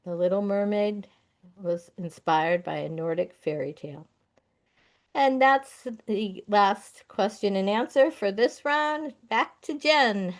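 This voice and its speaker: Slow-paced woman reading quiz answers. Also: mid-range voice, expressive. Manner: slow, deliberate, announces each question number. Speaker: trivia quiz host.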